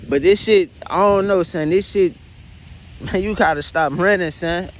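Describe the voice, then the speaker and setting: A man's voice: high voice, moderate pace, a little hiss or hum. A young man, tearfully venting in a profane, repetitive confessional monologue from his bedroom. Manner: distraught, addresses listener as "son" constantly, profane, repetitive. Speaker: vlogger.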